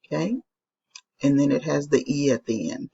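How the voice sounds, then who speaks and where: A woman's voice: sits low, normal speed, creaky, warm tone, husky, muffled recording. A woman teaching a recorded phonics lesson to young children, patiently sounding out letters and repeating them. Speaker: elementary school teacher.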